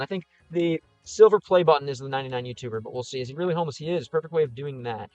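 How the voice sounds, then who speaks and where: A man's voice: on the high side, no room sound, highs cut off. A man casually chatting on a livestream as he answers viewer comments, thinking aloud with frequent restarts. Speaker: streamer answering live chat.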